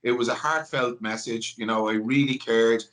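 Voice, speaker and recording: A man's voice: mid-range voice, fairly even intonation, moderate pace. A man hosting a podcast, chatting casually and full of enthusiastic praise. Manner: warm praise, enthusiastic exclamations. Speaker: podcast host. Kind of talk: casual interview chat.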